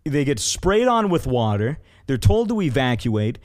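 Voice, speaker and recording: A man's voice: mid-range voice, big pitch swings, measured pace. A man in casual podcast talk, telling a story with plenty of swearing and acting out the people he quotes. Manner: profane, acts out quoted voices.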